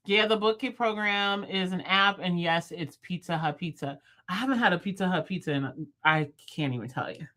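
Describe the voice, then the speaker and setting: Bright, fast-talking young woman streamer. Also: lowish voice, sing-song. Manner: fast-talking, laughs often, playful. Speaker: livestream host. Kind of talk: casual livestream chat with viewers.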